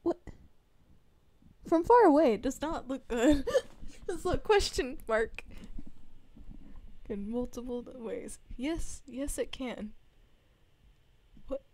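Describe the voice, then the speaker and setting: A woman's voice: high voice, expressive, slow, long pauses, mellow, slight background noise. Giggly Southern-accented young woman streamer. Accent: Southern American. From Southern United States. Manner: giggly, laughs often, chatty. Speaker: livestreamer. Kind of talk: casual chat with live chat.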